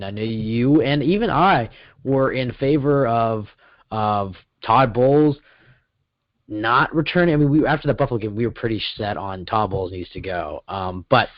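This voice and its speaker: A man's voice: medium pitch, dry recording. Rambling man in casual sports chat. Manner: rambling, self-correcting, quick bursts. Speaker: podcast co-host. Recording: dull lo-fi sound.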